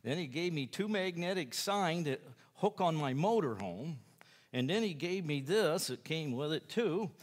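A man's voice: fairly high pitch, lively intonation, unhurried, big-room sound. A man who preaches in jails tells his personal testimony in a folksy, rambling way, acting out the lines of other people. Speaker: jail preacher.

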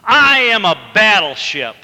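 A man playing a proud navy captain who shouts orders over the radio, in a long-reverb hall. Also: on the high side, lively intonation, slow, exaggerated voice. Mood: furious.

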